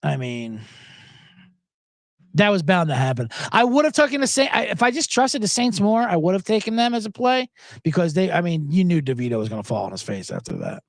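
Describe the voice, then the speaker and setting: A man hosting a sports betting show in a loose, cursing, joking ramble. His pitch swings widely from phrase to phrase. The sound is dry and close, with no room around it. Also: big pitch swings, a little fast, creaky, no room sound. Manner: profane, joking, rambling, breaks into mock impressions. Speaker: sports betting podcast host. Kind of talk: casual sports betting monologue.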